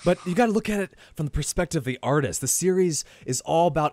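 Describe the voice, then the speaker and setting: A man's voice: on the high side, expressive, fast, hardly any pauses, darkish tone, dry recording. A young man co-hosting a casual podcast, joking around and presenting a story in a playful tone. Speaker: podcast co-host. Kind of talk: casual chat.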